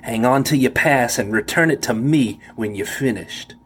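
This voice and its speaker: A man's voice: mid-range voice, moderate pace, a little hiss or hum, natural voice. A man voicing a hulking, mocking male security guard with a New York accent, brusque and pushy. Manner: brusque, tags lines with "yeah?".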